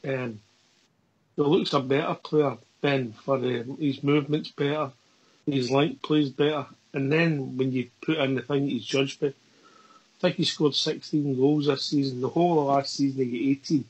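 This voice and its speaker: Husky man steering a fan chat. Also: medium pitch, fairly even intonation, normal speed, lo-fi sound. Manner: questioning, steering the talk. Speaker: fan radio host. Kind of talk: casual chat.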